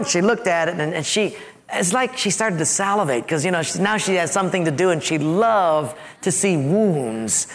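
A man preaching a storytelling sermon as a pastor, animated, acting out his own yelps and asides. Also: high voice, normal speed, long reverb tail.

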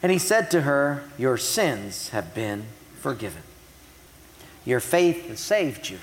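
A pastor preaching a sermon, retelling scripture in everyday words and slowing down to stress key points. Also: male voice, a little high, big pitch swings, fairly bright tone, big-room sound. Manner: retells scripture in a casual way, slows down for emphasis.

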